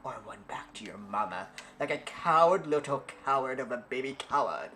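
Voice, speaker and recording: A man's voice: medium pitch, animated, moderate pace, bright, forceful tone, a little hiss or hum. A man voicing a lazy, scornful male town guard who taunts the hero, with game music behind. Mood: mocking. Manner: sneering, taunting.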